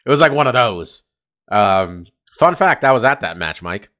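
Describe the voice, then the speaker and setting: In a casual California podcast chat, a male co-host speaks at normal speed with a fairly low, fairly bright voice that swings widely in pitch. His rambling is profane and packed with fillers.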